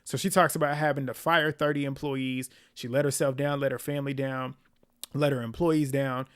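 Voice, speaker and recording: A man's voice: mid-range voice, level tone, moderate pace, clear, resonant tone. A man giving a casual recap of a reality TV episode, chatty and opinionated, with slang and frequent laughs.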